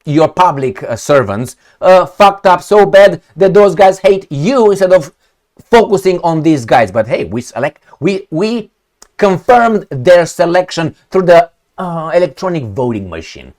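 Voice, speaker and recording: A man rants through commentary on news clips, blunt and profane, dripping with sarcasm. His voice sits a little high for a man and swings widely up and down as he talks. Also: big pitch swings, a little slow, a little mellow. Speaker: political commentator.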